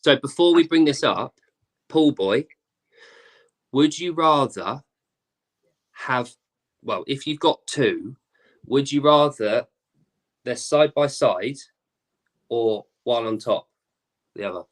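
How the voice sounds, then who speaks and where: A man's voice: medium pitch, expressive, slow pace, long pauses. A man co-hosting a podcast, posing playful hypothetical questions in casual chat. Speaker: podcast co-host.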